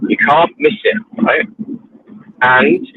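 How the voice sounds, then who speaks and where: A man's voice: takes it slowly, slight background noise. A man, ranting in casual chat while driving his car, swearing freely. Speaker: livestream host. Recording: tinny phone line.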